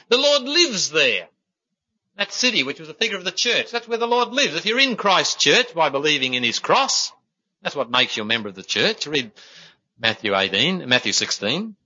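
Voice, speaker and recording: Male preacher, earnest folksy sermon, bright forceful tone, animated pitch, muffled lo-fi sound. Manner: earnest, folksy, addresses listeners as "my friends". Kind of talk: sermon with stories.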